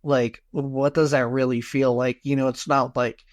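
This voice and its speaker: A man's voice: mid-range voice, flat delivery, moderate pace. A man co-hosting a podcast, musing aloud in casual discussion and often tagging thoughts with a questioning "right?". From United States. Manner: musing, rhetorical "right?" tags. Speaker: podcast co-host.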